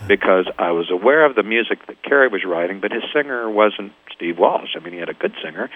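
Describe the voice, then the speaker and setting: An older man from Kansas talks through a tinny phone line, his voice sitting a little low. He tells his band's story as a guest, acting out the people in it. It sounds like a radio phone interview. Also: fast. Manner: lively storyteller, acts out quoted voices. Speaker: band founder, guest.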